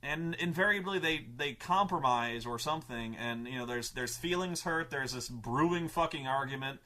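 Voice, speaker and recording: A man telling gaming stories in a casual monologue, animated, swearing and acting out players' quotes in raised voices. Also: mid-range voice, moderate pace, slight background noise. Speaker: show host telling tabletop gaming stories.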